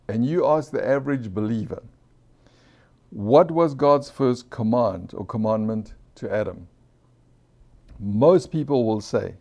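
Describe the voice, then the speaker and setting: A man delivering an informal sermon in a low, gravelly voice with a dark, mellow tone. He talks earnestly and conversationally, repeating key phrases and putting questions to his listeners. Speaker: preacher.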